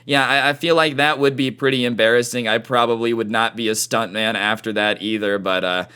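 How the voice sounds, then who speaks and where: Casual male storytime vlogger, slangy and animated, average pitch. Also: a little fast, smooth. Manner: slangy, lots of dude and like. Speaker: storytime YouTuber.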